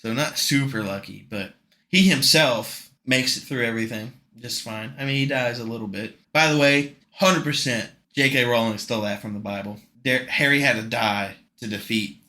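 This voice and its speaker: Bright-voiced joking young man. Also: mid-range voice. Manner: joking, rambling, laughs often, puts on quick voices. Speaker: podcast co-host. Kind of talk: casual podcast chat.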